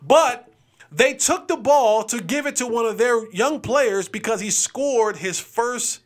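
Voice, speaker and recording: Lively high-voiced sports show host. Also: male voice, slow. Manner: animated, chatty, acts out players' lines. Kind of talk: casual sports commentary.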